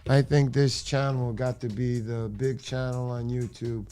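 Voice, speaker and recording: A middle-aged man hosting a casual livestream, playful and jokey with loud bursts of excitement. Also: mid-range voice, measured pace, faint music behind. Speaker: livestream host.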